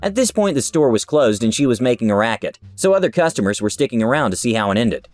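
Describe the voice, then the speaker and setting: A man reading internet stories aloud with an animated, emphatic delivery and a pitch that swings freely. The recording is close and dry, with soft background music. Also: quick pace, no echo. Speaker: story narrator. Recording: dry with faint music behind.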